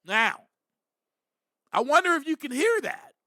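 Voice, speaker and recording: A man's voice: extremely high pitch, very animated, unhurried, pushed and bright, no room sound, clean studio sound. A man hosting a podcast, giving earnest, reflective spiritual recovery talk, with frequent "you know" and bursts of emphasis. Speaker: podcast host.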